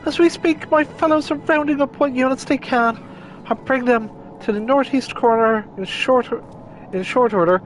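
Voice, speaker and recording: A man's voice: very high voice, moderate pace, faint music behind, pitched above the performer's own voice, rough recording. A man voicing a small, fussy rabbit-folk helper in a video game, prim and overly polite. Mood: officious. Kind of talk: reading game dialogue aloud with voices.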